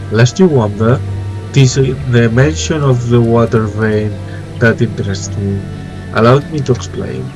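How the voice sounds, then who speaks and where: A man with a flu-stuffed nose reading out a formal, learned young male scholar's game dialogue in a plain, slightly halting voice. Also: medium pitch, lightly acted, low-quality recording.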